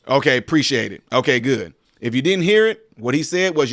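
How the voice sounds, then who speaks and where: A man's voice: mid-range voice, animated, a little fast, few pauses, fairly bright tone. A man hosting a live-stream political commentary, talking straight to his viewers in an emphatic, preachy way.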